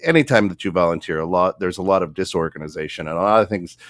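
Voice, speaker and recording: A man's voice: deep voice, fast talker, no echo. Laughing man telling a story, dry sound. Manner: animated, laughing, acts out voices in anecdotes. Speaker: podcast co-host. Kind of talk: casual storytelling. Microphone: studio microphone.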